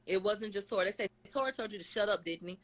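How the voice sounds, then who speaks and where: Speaking fast in a mid-range, slightly bright voice, this woman vlogs a live recap of a court case. Her delivery is blunt, profane, and slangy as she runs through who said what, performing the testimony quotes in character voices.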